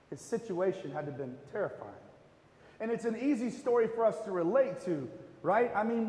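Male pastor with a high voice, casual and chatty, long hall reverb. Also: darkish tone. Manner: casual and conversational, with fillers. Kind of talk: sermon.

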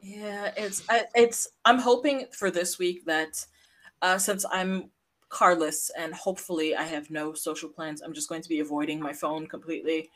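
A woman's voice: lowish voice, fairly even intonation, moderate pace, a bit bright. A woman co-hosting a casual podcast from her home office, chatty and self-mocking, often restarting her sentences. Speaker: podcast co-host. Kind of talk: casual chat.

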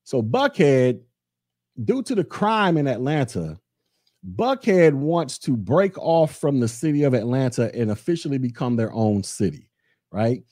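Mellow-voiced man ranting on a podcast. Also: medium pitch, lively intonation, a little slow, no echo, studio quality. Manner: ranting and sarcastic, talks straight to listeners. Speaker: podcast host. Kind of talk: solo opinion commentary.

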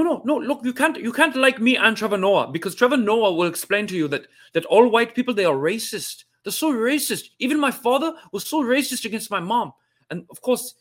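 An excitable male comedian impression, put on by a man, pitched well above his own voice and pushed loud. The delivery jumps and protests in lively bursts. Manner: high, loud, animated protest.

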